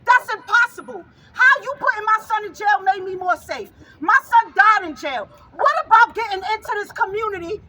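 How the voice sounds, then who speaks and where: A grieving mother speaking at an outdoor rally, fervent and repetitive, often rising to a shout. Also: very high-pitched, moderate pace, hardly any pauses, poor audio. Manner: fervent, raises voice to a shout, repeats phrases. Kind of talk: impassioned protest speech.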